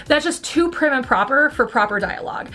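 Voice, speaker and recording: Chatty woman, slightly high voice. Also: expressive, fairly quick, bright, forceful tone. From United States. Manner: rambling and chatty, many fillers and restarts. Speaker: channel host reviewing a TV franchise. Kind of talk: casual opinion vlog. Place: at home.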